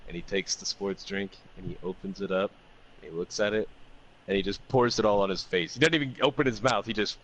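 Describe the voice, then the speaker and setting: Low-voiced man telling a rowdy story. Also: brisk, muffled recording. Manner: profane, animated anecdote telling. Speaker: podcast co-host. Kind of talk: casual storytelling chat.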